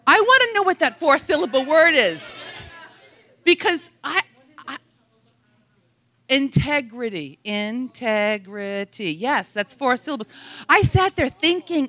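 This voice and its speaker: A woman sharing a devotional thought in a casual, rambling way, often laughing. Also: sits high. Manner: giggly, rambling, lively.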